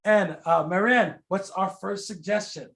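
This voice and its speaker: High-voiced, slow-talking improv host man. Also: gravelly, fairly bright tone. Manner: laughs often at the jokes. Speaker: improv show referee host. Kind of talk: hosting an online improv game.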